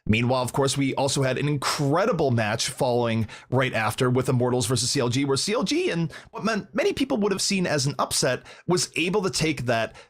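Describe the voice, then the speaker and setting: A man from Minnesota casting an esports match, breaking down maps and results in a quick, analytical way. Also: medium pitch, very animated. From Minnesota, United States. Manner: fast analytical play-by-play breakdown. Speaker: esports caster. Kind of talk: esports commentary.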